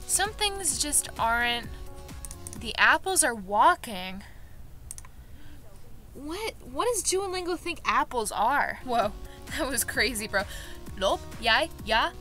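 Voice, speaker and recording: A woman with a bright, forceful voice pitched a little high talks through a language-app run in a casual vlog. She reacts in quick, excitable bursts and pokes fun at herself, while faint music plays behind her. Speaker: vlogger. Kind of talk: casual gaming commentary. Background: background music.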